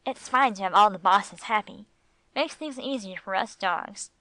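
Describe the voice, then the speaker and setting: A woman's voice: medium pitch, normal speed, pushed and bright, no echo, poor audio. A woman reading a grave old dog with dry humour. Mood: amiable. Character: good-natured old male dog, dry joker.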